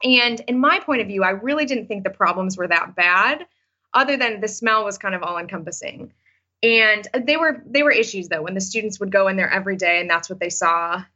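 A woman's voice: mid-range voice, a little fast, bright, forceful tone, dull audio. A woman teacher talking casually in an interview, with many fillers and restarts. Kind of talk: interview answers, storytelling.

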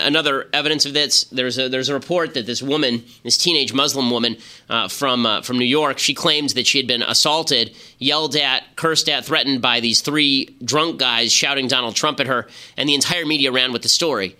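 A man hosting a political podcast, talking fast and opinionated with frequent restarts. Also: medium pitch, bright, forceful tone. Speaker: podcast host. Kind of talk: political commentary.

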